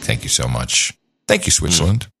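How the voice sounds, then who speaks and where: Animated, joking male podcast host. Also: extremely low pitch. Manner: joking, laughs often, quick asides. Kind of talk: casual chat, reading listener donation notes.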